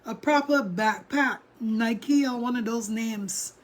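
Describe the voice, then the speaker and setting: A woman's voice: on the high side, slow pace, hardly any pauses. A woman vlogger chatting casually to her viewers and reading out their chat as she reacts to a video. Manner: chatty, talks straight to viewers and reads chat. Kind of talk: casual livestream commentary.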